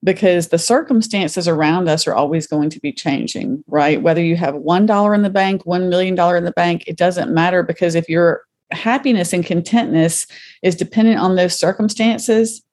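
A middle-aged podcast guest with a lowish, darkish voice speaks at a moderate pace, retelling her story earnestly and vividly in a conversational interview. Faith shapes her words, and she speaks with compassion.

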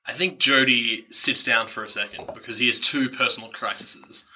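Guy player in a tabletop game, really bright voice, laughs through his words, faint clicking around. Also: medium pitch, steady tone, normal speed, a little hiss or hum. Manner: thinking aloud about his character, laughing as he talks. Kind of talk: casual chat in a tabletop game.

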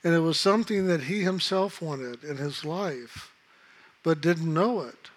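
A man calmly telling a personal story in a reflective, unhurried way, acting out the voices of others in it. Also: fairly high pitch. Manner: calm, unhurried, reflective, acts out quoted voices. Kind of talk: casual spoken storytelling.

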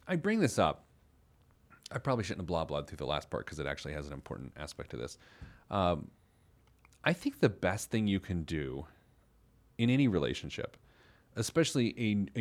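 A male radio host with a lowish voice that swings widely up and down as he talks. He chats casually and teases himself, breaking into laughter easily. His delivery stays animated and conversational. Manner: playful and self-mocking, laughs often. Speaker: financial radio show host. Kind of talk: casual radio talk show chat.

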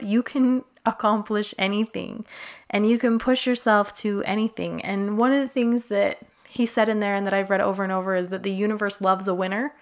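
A woman in her thirties with a mid-pitched voice co-hosts a casual podcast. She is upbeat and chatty and laughs easily as she talks. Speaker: podcast co-host and food blogger.

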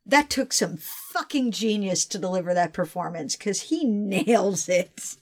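A woman's voice: mid-range voice, lively intonation, a little slow, a little mellow. A young adult woman co-hosting a casual film chat, enthusiastic and swearing casually. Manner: enthusiastic, swears casually, acts out movie bits. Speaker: podcast co-host.

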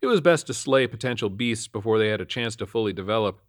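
Male horror narrator, deadpan, lowish voice, dry close sound. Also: fast talker, no echo. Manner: deadpan, matter-of-fact. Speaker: storyteller. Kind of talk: scripted first-person horror narration.

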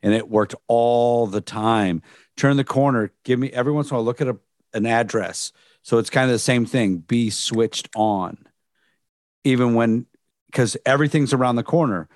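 A man's voice: medium pitch, normal speed, a little mellow, no room sound, clean studio sound. A man who was a beat cop and police dog handler, reflecting in a rambling way during casual podcast chat.

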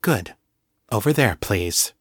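A man voicing a stern middle-aged mother in an audiobook, speaking in a loud, clear, cold and commanding way. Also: rumbling low, animated, slow, dry recording, studio quality, full character voice. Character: stern middle-aged mother holding a shotgun, icily calm.

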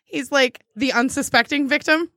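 A woman's voice: high voice, normal speed, pushed and bright, no echo, studio quality. A woman hosting a casual chat, telling a funny story and laughing often. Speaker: podcast host.

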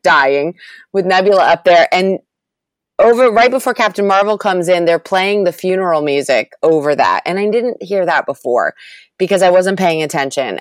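Podcast guest, female, animated ranter, a bit low-pitched, dry mic. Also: no room sound. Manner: animated, laughing, ranting. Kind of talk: casual chat.

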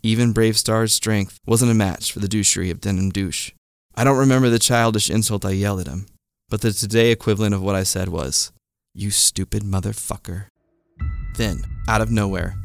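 A man telling a true childhood story in a deadpan, wry manner. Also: on the low side, gravelly. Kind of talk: first-person comic storytelling. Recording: close dry mic with faint music.

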